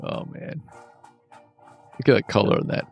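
A man co-hosting a casual whiskey tasting, relaxed and quick to laugh, thinking aloud as he describes the flavors. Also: soft background music.

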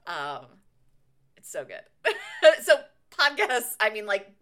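A woman's voice: mid-range voice, huge pitch swings, slow pace, sharp tone. A woman co-hosting a book podcast, chatting casually, laughing often and recapping the plot at length. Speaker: podcast co-host. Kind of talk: casual book-club chat.

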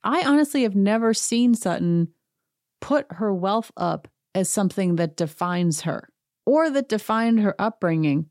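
A woman's voice: mid-range voice, lively intonation, darkish tone, no room sound, clean studio sound. A woman hosting a chatty recap show, talking casually with sarcastic asides. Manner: sarcastic, chatty, quick to mock. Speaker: podcast host recapping a reality show. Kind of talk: casual chat.

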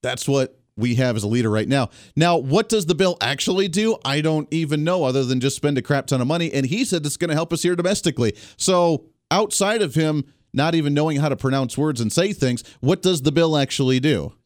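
A man hosting a talk radio show, giving sarcastic, animated, unscripted political commentary. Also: on the high side, fairly quick, few pauses, no room sound, clean studio sound.

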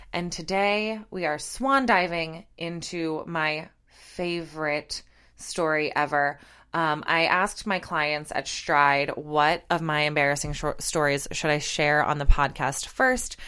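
A woman's voice: sits low, clean tone. A young woman in her twenties hosting a podcast, telling a funny personal story in a self-deprecating way and laughing as she talks. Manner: animated, self-deprecating, laughs through lines. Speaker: podcast host. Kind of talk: casual storytelling.

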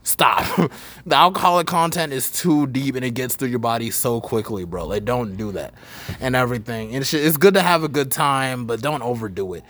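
A man's voice: medium pitch, normal speed, fairly bright tone. Laid-back slangy young man hosting. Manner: laid-back slangy storytelling, many fillers. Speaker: podcast host. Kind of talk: casual chat.

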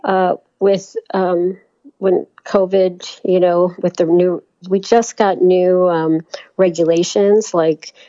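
A woman's voice: on the low side, little pitch movement, takes it slowly, mellow, no room sound, highs cut off. A woman from New York, a voice actress guest, talking casually in an interview with many fillers and restarts.

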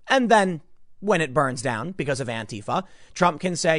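Male political commentator, sarcastic, lively swooping pitch, fairly high voice, dry close sound. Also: normal speed, no echo. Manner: animated, sarcastic, mocking voices. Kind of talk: opinionated news commentary.

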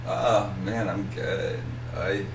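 A young man co-hosting a podcast, chatting casually, animated and giggly, full of fillers. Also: lowish voice, slow, vocal fry, crowd noise, low-quality recording. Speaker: podcast co-host. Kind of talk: casual chat.

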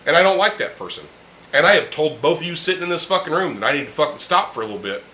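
Speaking very fast in a slightly high, sing-song voice that sounds pushed and bright, this podcast host swears constantly while drinking beers with his friends. His tone is blunt and heated throughout the casual conversation. You can hear room echo and a low hum in the background.

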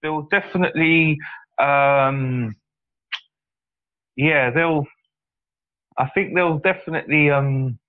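On a podcast, an English-accented man with a higher voice chats casually but hesitantly, often repeating his words. He takes his time with long pauses, and the audio is muffled and lo-fi.

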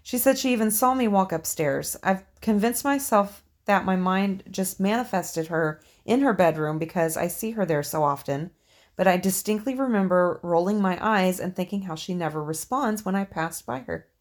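A woman's voice: medium pitch, animated, normal speed. Woman casually reading spooky stories. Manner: swears casually, laughs often. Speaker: podcast co-host reading listener stories. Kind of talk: casual podcast chat and story reading.

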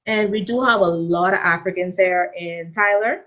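A woman from the Bahamas with a Bahamian accent, a student being interviewed, telling stories in a lively way and acting out the conversations she quotes. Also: on the low side, moderate pace, highs cut off. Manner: animated storytelling, acts out quoted exchanges.

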